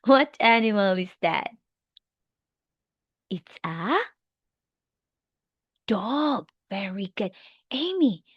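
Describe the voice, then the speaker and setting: Woman teacher for a kid's demo lesson, very slow, lively pitch, dry lo-fi sound. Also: breathy edge, no echo. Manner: slow, animated, encouraging, with animal sounds. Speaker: English teacher. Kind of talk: demo lesson for a young child.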